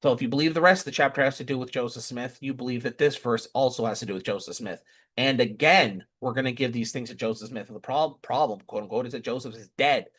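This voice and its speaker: A man's voice: mid-range voice, fast, fairly bright tone. Impassioned man preaching on scripture. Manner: emphatic, repeats rhetorical questions. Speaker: scripture teacher.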